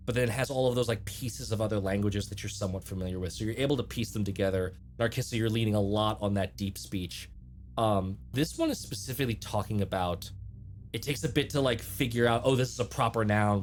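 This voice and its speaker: A man runs a tabletop game in a relaxed, chatty way, his pitch sitting in the middle of the range. He describes the scene for his players and now and then stumbles over made-up names. Soft music plays faintly behind him. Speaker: game master.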